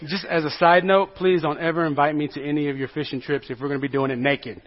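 In a slightly high voice with a steady tone, a man preaches to his church congregation at a normal pace. He keeps it conversational and jokey, frequently questioning his listeners, and the recording has a dull, lo-fi quality.

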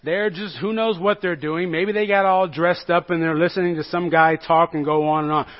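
A man with a high voice preaches a sermon. He retells the story with humor and plays out the quotes, swinging from loud to hushed. The recording sounds dull and lo-fi. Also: animated, moderate pace. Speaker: pastor.

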